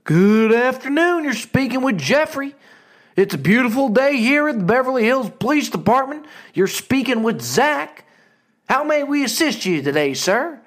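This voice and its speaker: A man's voice: very high-pitched, big pitch swings, moderate pace, a bit bright, voice pushed up, heavily acted. A man voicing a breezy, over-polite male police dispatcher answering a call in a chirpy customer-service lilt.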